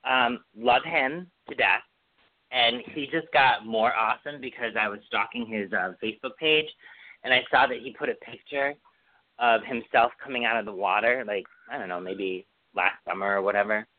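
A man's voice: medium pitch, moderate pace, dry recording. A man co-hosting a podcast in casual chat, gushing and chatty with lots of fillers. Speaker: podcast co-host. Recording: dry, phone-like sound.

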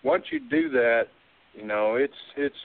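A former wrestler spins folksy stories in casual chat, his gravelly mid-range voice swooping wildly in pitch as he drawls along unhurriedly and laughs mid-tale. The line sounds tinny and phone-like, with a dry recording.

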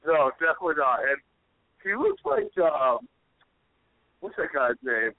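Animated young guy co-host, tinny and dry. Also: on the high side, unhurried, dry recording. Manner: rambling, animated, yells lines in stories. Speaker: podcast co-host. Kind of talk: casual storytelling chat. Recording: dry, tinny phone-like audio.

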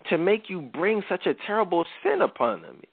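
Moses is an angry prophet grilling his brother in loose slang, acted by a man. The voice rides high and lively, recorded dry and narrow like a phone call. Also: moderate pace, creaky, no echo, exaggerated voice. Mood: exasperated. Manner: exasperated questioning in slang. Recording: dry thin phone-like sound.

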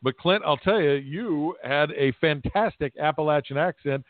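A man's voice: a little high, normal speed, no echo. A man hosting a podcast interview, asking long, rambling questions. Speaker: podcast host. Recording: tinny phone-like audio.

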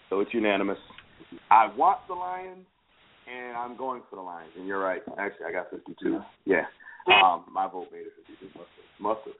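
A man hosting a casual sports talk show, animated and teasing, speaking with emphasis. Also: fairly low pitch. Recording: phone-like lo-fi line.

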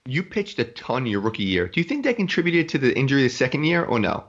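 A man's voice: mid-range voice, big pitch swings, quick pace. A man hosting a podcast, asking short questions in a casual interview. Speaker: podcast host. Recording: dull lo-fi podcast audio.

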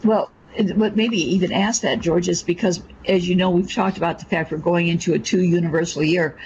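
A man co-hosting a talk show, posing curious, reflective questions. His voice sits a bit high and has a gravelly, fry-laden edge. The recording is dull and lo-fi, with faint background noise. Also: fairly even intonation, fairly quick, darkish tone. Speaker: co-host. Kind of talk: casual interview.

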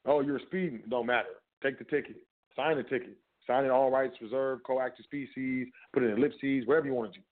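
Man, show host, casual instructional talk, emphatic, mid-pitched voice, tinny phone-like sound. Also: steady tone, a little fast. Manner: conversational and emphatic, with repeated filler phrases. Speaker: podcast host. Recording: phone-like narrow band audio.

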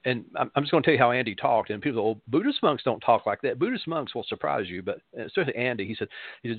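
Gravelly low-voiced man on a phone line. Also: expressive, quick pace, no echo. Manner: rambling, repeats phrases for emphasis. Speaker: pastor and show host. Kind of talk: spiritual talk with storytelling.

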